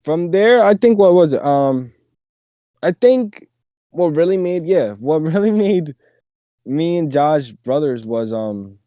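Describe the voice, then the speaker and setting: A young man telling a story on a podcast, casual, slangy and animated, often laughing. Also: medium pitch, no echo, clean studio sound. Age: young adult. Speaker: podcast host.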